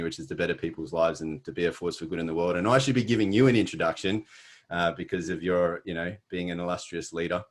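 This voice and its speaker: A middle-aged Australian man with an Australian accent, giving an earnest motivational webinar talk with many fillers and restarts. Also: low-pitched. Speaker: webinar presenter. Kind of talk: motivational presentation.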